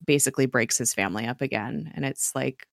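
A woman with a low voice chats through a TV episode recap. She talks quickly and loosely, with plenty of fillers and small laughs. The sound is dry and close to the mic. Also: creaky, no echo. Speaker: podcast co-host recapping a TV episode. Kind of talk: casual chat.

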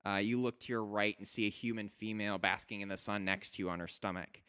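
A young man narrating a tabletop game as game master, halting often with fillers and restarts. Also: on the low side, flat delivery, bright, forceful tone, smooth.

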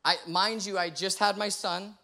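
A young adult male pastor with a high, pushed, bright voice tells a personal story from the pulpit, earnest and heartfelt, as a testimony sermon. His tone is steady and his speed normal.

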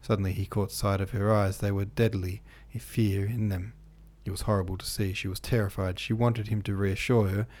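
A man reading a classic novel aloud in a steady, measured way, with the odd small slip. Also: on the low side. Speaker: audiobook narrator.

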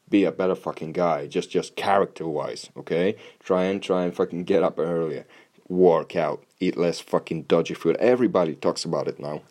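A young man with a low, slightly mellow voice rambles casually, giving blunt tough-love talk. He swears constantly and keeps restarting, repeating words as he begins.

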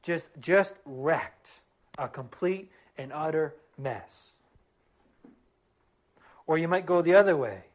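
A man with a slightly raised pitch delivers a sermon from the pulpit of a church. He preaches with earnest emphasis, hammering points through repetition, and eases into a hushed, reverent prayer. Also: slow pace, long pauses. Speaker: pastor.

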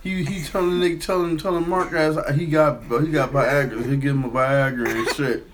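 A man hosting a podcast, telling a story in casual chat and acting out the quotes in a loud, high voice. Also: steady tone, brisk, noisy background. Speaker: podcast host.

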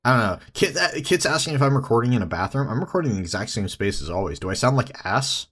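A man's voice: medium pitch, big pitch swings, fast, fairly bright tone. A man co-hosting a casual podcast from his home setup, laid-back and teasing. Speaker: podcast co-host. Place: home recording space. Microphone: podcast microphone.

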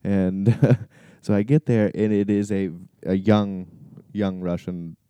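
Chill young guy on a podcast, really deep mellow voice, laughs a lot. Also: level tone, slow, clear, resonant tone, dry recording. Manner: laid-back, laughs often, trails off. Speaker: comedian guest. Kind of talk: casual podcast chat.

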